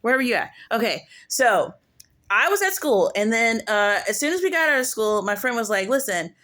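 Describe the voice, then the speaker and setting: A woman with a fairly high voice rants in casual commentary. She is emphatic and slangy and hammers her points by saying them twice. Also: very animated, normal speed, a bit bright. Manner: emphatic and slangy, repeats phrases for effect. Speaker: prophetess hosting her own channel.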